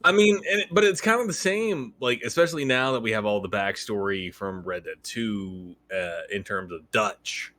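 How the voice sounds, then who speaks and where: A man co-hosting a podcast, chatting casually in an animated way and swearing freely. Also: fairly low pitch, normal speed, hardly any pauses. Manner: animated and profane. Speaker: podcast co-host. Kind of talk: casual chat.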